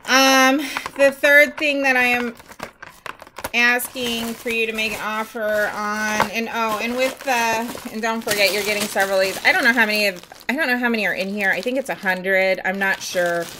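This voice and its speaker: A woman with a fairly high voice speaks at a moderate pace with fairly even intonation, and there's background noise. She's a nail artist selling supplies, chatting casually in a home vlog as she shows off her nail products, rambling candidly and using lots of fillers.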